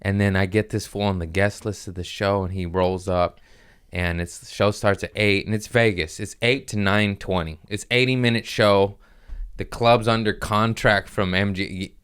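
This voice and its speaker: Profane, animated man telling stories. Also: normal speed, clean tone. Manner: animated, profane, jumps into high-pitched quoted voices. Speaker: podcast host and comedian. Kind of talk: casual storytelling chat.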